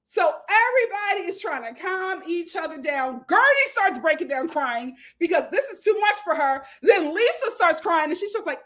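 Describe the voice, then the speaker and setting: Female host, high voice, lively gossip recap, acts out quotes. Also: brisk, few pauses. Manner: animated storyteller, acts out quotes, laughs often. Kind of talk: casual reality TV recap chat.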